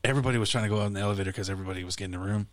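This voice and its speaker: A man's voice: fairly low pitch, racing. A man co-hosting a casual podcast, telling stories in a loose, rambling way full of fillers. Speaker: podcast co-host. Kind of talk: casual chat.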